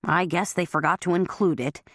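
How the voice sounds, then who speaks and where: A woman's voice: on the low side, normal speed, fairly bright tone, no echo, studio quality. A woman voicing a proud, stubborn older father who is cheerfully oblivious, in a storybook reading. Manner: boastful, cheerful.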